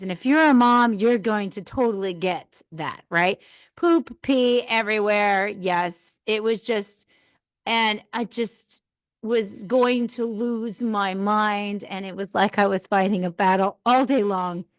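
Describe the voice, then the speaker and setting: A woman's voice: mid-range voice, a little slow, no room sound. A woman hosting a live podcast, telling an earnest, rambling personal story as a mom. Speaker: podcast host.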